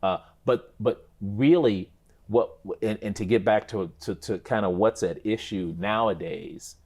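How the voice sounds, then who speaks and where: A man in his fifties with a fairly low voice shares memories as an interview guest. He talks thoughtfully and restarts his sentences often, then picks up speed when a point excites him. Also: measured pace. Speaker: interview guest, former basketball player. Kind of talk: reflective conversational storytelling.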